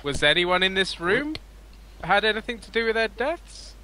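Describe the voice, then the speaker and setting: A man player presses questions in character during a tabletop role-play. His voice is very bright and tense, and sits a little high for a man. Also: big pitch swings, normal speed. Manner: probing, questioning.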